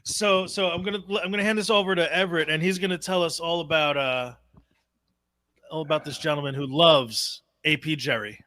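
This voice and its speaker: A bright, slightly high-voiced man hosts a casual podcast, joking with his friends and welcoming a guest. His tone is playful and loose, with plenty of banter. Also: fairly even intonation, fairly quick. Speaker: podcast host.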